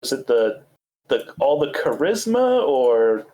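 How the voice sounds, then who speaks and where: A man's voice: medium pitch, very animated, slow pace, dark tone, low-quality recording. A man playing in a tabletop game, talking in an offhand, joking way and swearing casually over a home chat mic. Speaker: player. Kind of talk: casual role-play chat.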